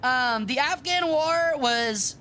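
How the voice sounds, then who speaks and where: A woman streaming a game with casual commentary. She sounds bratty, swears freely and reacts fast. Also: high-pitched, lively intonation, pushed and bright, a little hiss or hum.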